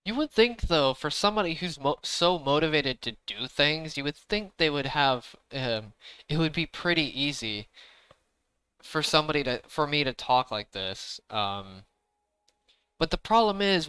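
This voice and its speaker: A young man talks through his gaming session in loose, meandering sentences, consciously keeping his voice raised. His tone is bright and crisp, and the desk mic catches him dry and close with no room around him. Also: on the high side, expressive, dry recording, rough recording. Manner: rambling, repeats "to be honest"; deliberately speaking up loudly. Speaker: gaming streamer. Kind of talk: casual chat while playing. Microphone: desk microphone.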